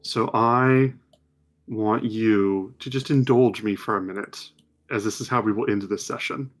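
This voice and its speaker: A man narrating a tabletop fantasy game as game master, telling the scene slowly and dramatically. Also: on the low side, steady tone. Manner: slow, dramatic storytelling.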